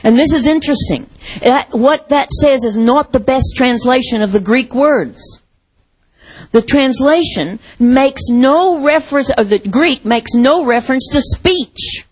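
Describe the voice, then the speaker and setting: A woman's voice: high-pitched, a little slow, slightly rough, rough recording. A woman pastor preaching a sermon in an earnest, heartfelt storytelling manner.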